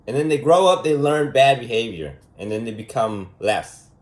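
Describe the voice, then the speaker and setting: A man's voice: medium pitch, animated, normal speed. A man giving a casual, unscripted monologue lesson as a vlogger, rambling and emphatic, repeating himself and asking rhetorical questions.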